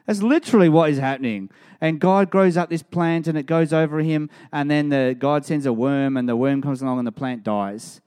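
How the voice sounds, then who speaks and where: A man preaching a sermon, emphatic and animated as he tells the story. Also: fairly high pitch, normal speed, clear, resonant tone.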